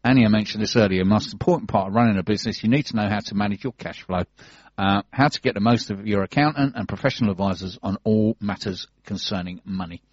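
A man's voice: on the low side, quick pace, no echo, lo-fi sound. A man with a London accent co-hosting a radio show, chatting and joking as he reads out business event listings. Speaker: radio co-host reading business news. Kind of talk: casual radio chat and listings reading.

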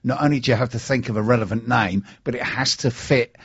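A man's voice: medium pitch, fast, breathy edge. A man hosting a radio talk show in a chatty, jokey way, welcoming guests and reading out messages. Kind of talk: casual radio chat. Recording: dull lo-fi radio recording.

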